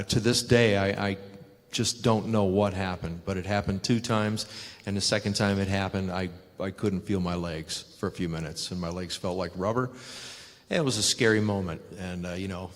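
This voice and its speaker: An older man with a fairly low voice tells animated stories as a guest at a live fan event, acting out the quoted lines. His voice carries the long reverb of a big hall. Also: moderate pace. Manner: animated anecdotes with acted-out quotes. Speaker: guest, retired wrestler.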